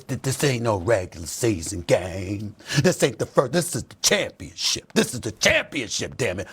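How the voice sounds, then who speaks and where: A man hosting a sports debate show, preaching with passion and building up to shouts. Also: medium pitch, husky. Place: TV studio.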